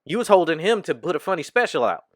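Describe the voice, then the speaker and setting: Lively slangy comedian guy chatting on his podcast, close dry mic, voice jumps around a lot. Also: a little high, quick pace, dry recording. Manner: animated, laughs often, slangy. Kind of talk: casual chat.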